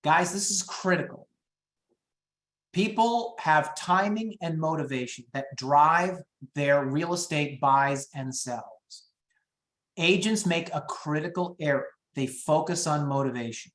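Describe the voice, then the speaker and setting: A middle-aged man leading a real estate training session, talking in an upbeat, high-energy way and moving quickly through his points. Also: a bit bright, reverberant. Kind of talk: training webinar talk.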